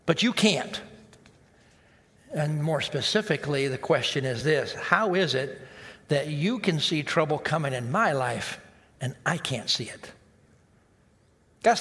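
A man's voice: sits high, pushed and bright. A man preaching a conversational sermon, acting out the inner voices of his listeners. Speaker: pastor. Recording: long hall reverb.

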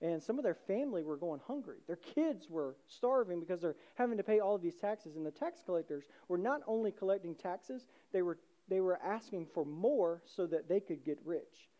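A pastor preaches in a relaxed, chatty way and keeps asking the listeners questions. The voice is warm and mellow, at a middle pitch. The recording sounds dull and slightly lo-fi. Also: moderate pace, few pauses. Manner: conversational, asks rhetorical questions, adds "right?". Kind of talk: sermon.

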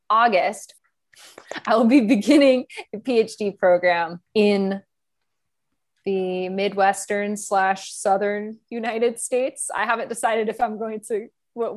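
A young woman hosting a podcast in casual chat, cheerful and playful, laughing often, recorded over a remote call. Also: mid-range voice. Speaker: podcast host.

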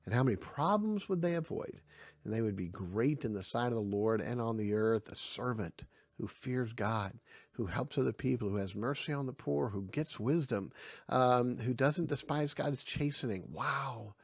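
A man giving a spoken Bible lesson to parents. He is animated and acts out the dialogue in his stories. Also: mid-range voice, normal speed, no room sound. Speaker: family Bible teacher.

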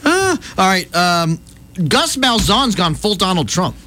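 A man's voice: high-pitched, very animated, a little slow, pushed and bright. A man hosting a sports talk radio show, bantering in a wry, teasing way.

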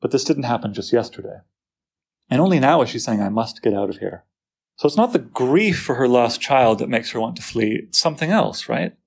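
A man lecturing on a poem, lively and full of rhetorical questions to his listeners. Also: medium pitch, brisk, vocal fry, slightly rough. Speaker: literature teacher.

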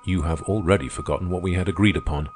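A confident man who argues gravely and matter-of-factly, as an audiobook reader voices him. His voice is low and deep, with faint music behind it. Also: fast, lightly acted. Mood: assured. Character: confident male socialist debater, calm and grave. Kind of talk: audiobook character voice.

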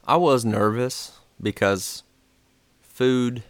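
A man's voice: mid-range voice, extremely slow, smooth, no room sound. An American man in a casual podcast chat, telling a travel story in a rambling way with many fillers and restarts. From United States.

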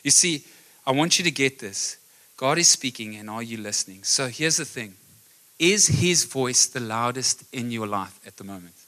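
A man preaching a live sermon, building to loud emphatic repeated lines. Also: medium pitch, expressive, moderate pace. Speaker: pastor. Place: church hall.

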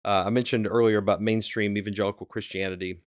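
Male podcast co-host, low-ish and dry, chatty and hedging. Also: fairly even intonation, fast talker, smooth, dry recording. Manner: hedging, with many fillers and restarts. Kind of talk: casual discussion.

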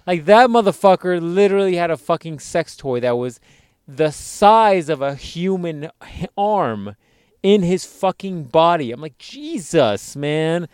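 A man's voice: high-pitched, expressive, a little slow, darkish tone, clean tone, dry recording, clean studio sound. A man co-hosting a crude, casual chat, swearing constantly and laughing at his own jokes. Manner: profane, joking, laughs often.

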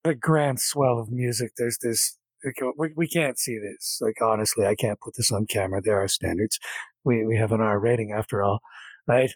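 A man's voice: fairly low pitch, normal speed, dry recording. A man narrating a tabletop game as game master in a casual, jokey, rambling way.

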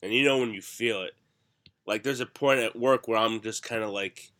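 A middle-aged man with a raspy, hoarse voice from the flu, coughing now and then as he tells rambling, self-mocking stories in casual chat as a podcast co-host. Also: lowish voice, fairly even intonation, moderate pace, a bit bright.

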